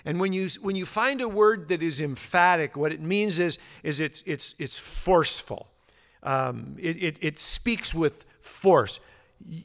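A man's voice: fairly high pitch, lively intonation, unhurried, a bit bright. A man teaching through a psalm verse by verse, in a conversational way with fillers and repeated words. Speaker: Bible teacher. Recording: long hall reverb.

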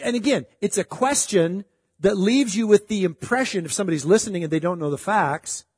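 A man's voice: high-pitched, husky, no room sound, studio quality, long reverb tail. A middle-aged man preaching a sermon in a conversational, emphatic way, often asking his listeners questions. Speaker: pastor.

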